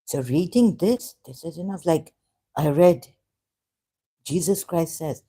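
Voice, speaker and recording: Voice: mid-range voice, lively intonation, slow pace, pauses often, dark tone, slightly rough. A native Urdu speaker talking through religious questions in a casual, hesitant monologue full of fillers and restarts. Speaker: ex-Muslim vlogger.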